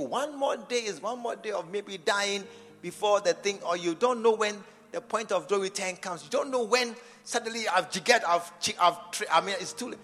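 Middle-aged Ghanaian man, preacher; high and bright, repetitive, loud-to-soft swings; church hall echo. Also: normal speed. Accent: Ghanaian English. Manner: animated, repeats phrases, swings from loud emphasis to near-whispers. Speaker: archbishop preaching. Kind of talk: sermon. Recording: church hall reverb with faint music.

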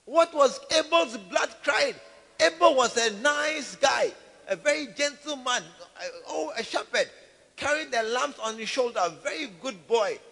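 A man preaches an emphatic sermon, peppering the congregation with questions. His voice sits very high and rings bright and piercing, with a long reverb trailing behind it in a church hall. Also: lively intonation, measured pace, creaky.

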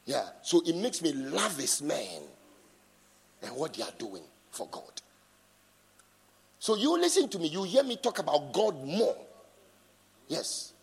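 A middle-aged man preaching a sermon and reading scripture, emphatic, swinging from soft asides to shouts, prompting the congregation to answer. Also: a little high, very animated, unhurried, gravelly, long pauses, husky. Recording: long reverb in a large hall.

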